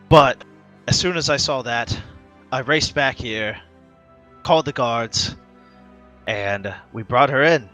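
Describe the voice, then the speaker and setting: Guy doing a gruff older arms master, blunt and bright toned. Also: medium pitch.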